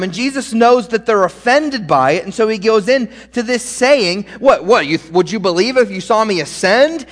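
A man's voice: sits high, expressive, moderate pace, hardly any pauses. A man preaching a sermon as pastor, earnest and direct, speaking straight to his listeners. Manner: earnest, direct, addresses the congregation. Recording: long hall reverb.

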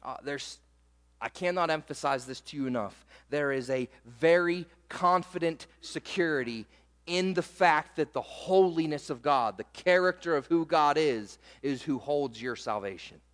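A man preaching a sermon as pastor, emphatic, slowing down to read scripture aloud. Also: a little high, fairly bright tone, in a large hall.

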